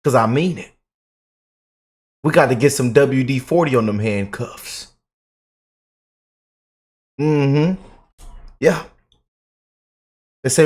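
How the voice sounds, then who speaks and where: A man's voice: medium pitch, slow, pauses often, darkish tone. A man hosting a casual online commentary video, hyped up and repeating himself. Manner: hyped, repeats himself, quotes imagined critics. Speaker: commentary channel host.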